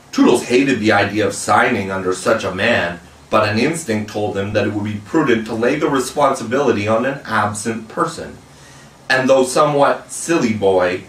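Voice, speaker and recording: A man narrating a classic children's novel in a measured, even reading voice, recorded in an echoey room with the mic at a distance. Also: lowish voice. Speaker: audiobook reader. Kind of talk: storybook narration.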